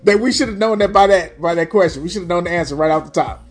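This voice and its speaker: A young man talks sports in loose, profane banter, quick to dismiss what bugs him. His voice sits slightly high, and faint music runs low beneath the chat. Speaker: podcast co-host.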